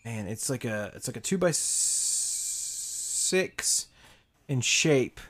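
A man's voice: mid-range voice, lively intonation, extremely slow, fairly bright tone. Rambling man running a tabletop game. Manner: rambling descriptions with many ums and likes. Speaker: game master.

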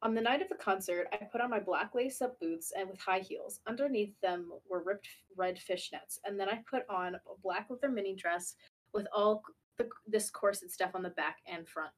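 A young woman co-hosting a casual podcast, reading fanfiction aloud in a laid-back, deadpan way with quick asides. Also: mid-range voice. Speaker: podcast co-host.

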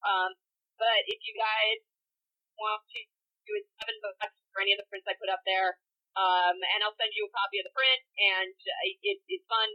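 A woman's voice: medium pitch, fairly even intonation, normal speed. A woman co-hosting a podcast, chatting casually, giggling and reading listener emails aloud. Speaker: podcast co-host. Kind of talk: casual chat. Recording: dull lo-fi podcast audio.

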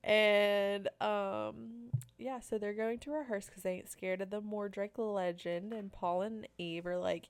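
A woman's voice: medium pitch, fairly even intonation, a little slow, hardly any pauses, smooth. A woman co-hosting a podcast, recapping episodes in a laid-back, casual chat full of "um" and "like". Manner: laid-back storytelling with frequent "um" and "like".

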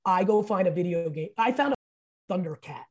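Husky and a little breathy, with a mellow, dark tone, this fifty-something man guests on a podcast and chats casually. His high voice has lively intonation at normal speed as he tells emphatic, profanity-laced stories and performs other people's lines.

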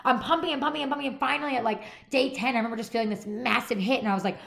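A woman's voice: fairly high pitch, very fast, gravelly, a bit bright. A woman in her thirties hosting a podcast, chatting casually and animatedly and acting out the people she quotes. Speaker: podcast host. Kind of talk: casual chat.

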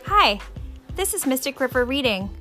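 A young mother co-hosting a home reading podcast, reading a picture book aloud in turns with her child and gently prompting him. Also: high voice, big pitch swings, normal speed, soft background music. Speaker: co-host and mother.

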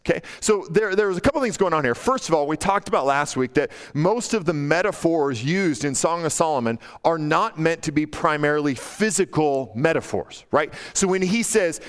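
A male pastor preaching a casual, animated sermon, acting out quotes in a playful, high teasing voice. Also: a little fast. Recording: long hall reverb.

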